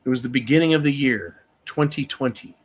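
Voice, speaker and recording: A man hosting a live-stream rant, angry and profane, with sudden loud outbursts. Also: mid-range voice, fairly quick, slightly rough. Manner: angry, profane, shouting bursts. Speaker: channel host.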